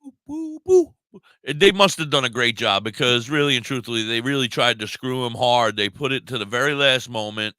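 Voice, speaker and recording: A man's voice: mid-range voice, brisk, hardly any pauses, sharp tone, clean tone, dry recording. A man co-hosting a radio talk show in casual banter, rambling and blunt. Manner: rambling, blunt, cheers and swears. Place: radio studio.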